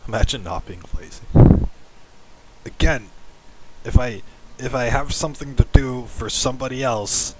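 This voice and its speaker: A man's voice: medium pitch, normal speed, a little hiss or hum, poor audio. A young adult man streaming, chatting casually in a rambling, self-deprecating way with frequent laughs.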